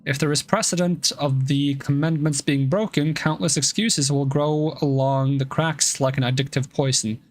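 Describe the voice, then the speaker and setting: A man's voice: on the high side, steady tone, normal speed, few pauses, lightly acted. A man voicing a solemn male monk who speaks in formal, ceremonial words.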